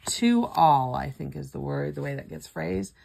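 An older woman with a hoarse throat, casually calling out scratch-off ticket symbols one by one with chatty asides. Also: very deep voice, expressive, moderate pace, heavy background noise. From Florida. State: hoarse, throat not cooperating. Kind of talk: casual running commentary.

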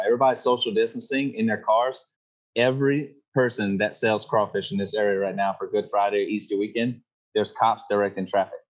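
A man's voice: lowish voice, muffled recording. A man from Louisiana with a Louisiana accent, a guest talking easily over a video call. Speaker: podcast guest. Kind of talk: casual chat.

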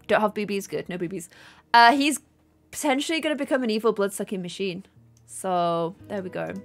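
A woman's voice: a little high, fairly bright tone. A young woman streaming a life-sim game, chatting casually and reacting to her chat. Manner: chatty, bubbly, reads chat aloud. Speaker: gaming streamer. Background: faint game music.

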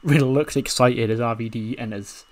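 A man narrating a wrestling management game in a casual, excited way, swearing and laughing as he goes. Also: medium pitch, moderate pace. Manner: excited, swearing, laughing at his own story. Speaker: video game commentator.

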